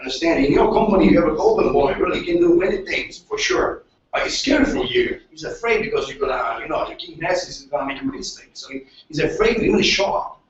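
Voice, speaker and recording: A man from Italy, a manager, talking casually in animated, broken English with an Italian accent, swearing freely and repeating himself. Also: high-pitched, fast talker. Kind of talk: casual chat. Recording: distant muffled echoey recording.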